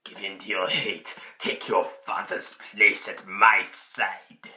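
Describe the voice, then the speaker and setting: A man putting on the voice of a sinister old male emperor, slow and low. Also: level tone, pushed and bright, exaggerated voice. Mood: menacing. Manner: slow, low, menacing delivery.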